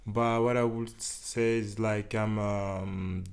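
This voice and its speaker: A man's voice: on the low side, level tone, slow pace, a little hiss or hum. Easygoing man. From Central African Republic. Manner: easygoing, chuckles often, loose rambling phrasing. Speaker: podcast guest, dance organizer. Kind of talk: casual interview chat.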